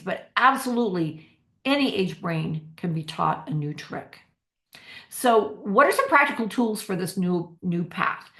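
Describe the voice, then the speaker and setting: A middle-aged woman giving a motivational workshop talk as a parenting coach, energetic and slowing down to stress key phrases. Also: medium pitch.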